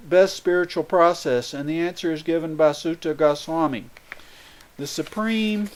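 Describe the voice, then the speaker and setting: A man's voice: on the high side, darkish tone. A man giving a sermon, earnestly explaining spiritual points through everyday examples. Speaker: spiritual speaker.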